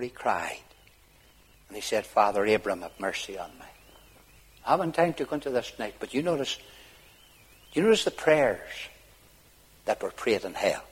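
Northern Irish preacher, hushed to shouted. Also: male voice, breathy edge. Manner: swings from hushed low tones to high shouted pleading. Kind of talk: hellfire sermon. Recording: long hall reverb.

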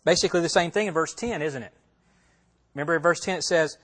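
A man's voice: a little high, fast talker, a bit bright, husky. A man teaching a Bible passage as a pastor, conversational, asking his listeners questions and repeating himself as he talks it through. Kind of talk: expository sermon.

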